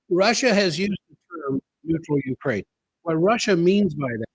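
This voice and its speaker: A man with a slightly high, husky voice delivers a solo commentary show in an emphatic style. He hammers his points home by repeating key phrases. The sound is dry and close, with no room echo. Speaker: political commentary host.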